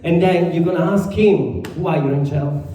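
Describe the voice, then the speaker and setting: Italian stand-up, deadpan and halting; high, mellow voice, distant mic, big echo. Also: male voice. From Italy. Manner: deadpan, halting delivery with many fillers. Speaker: stand-up comedian. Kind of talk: stand-up comedy set. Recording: far from the mic in a very echoey room.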